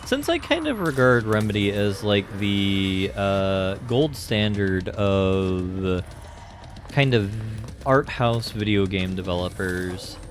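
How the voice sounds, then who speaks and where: A man's voice: on the low side, animated, takes it slowly, a little hiss or hum. A man streaming a video game live, chatting casually and rambling with lots of fillers. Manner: rambling, filler-heavy musing. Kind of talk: casual gameplay commentary.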